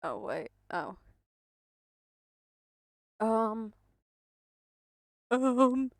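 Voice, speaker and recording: A woman's voice: a little high, big pitch swings, very slow, no room sound. A woman live-streaming in a chatty, giggly way, thinking aloud as she reacts. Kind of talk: casual live-stream chat.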